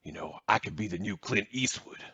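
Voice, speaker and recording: A man voicing a dreamy cowboy-style male Greenlander in a slow, mocking drawl. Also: fairly low pitch, animated, bright, forceful tone, husky, no room sound, lo-fi sound, heavily acted.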